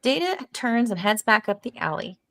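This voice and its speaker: A woman's voice: a little high, very animated, moderate pace, a bit bright. A woman hosting a live stream, reading stage directions in a playful, giggly way. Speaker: stream host and narrator. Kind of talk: live table read narration.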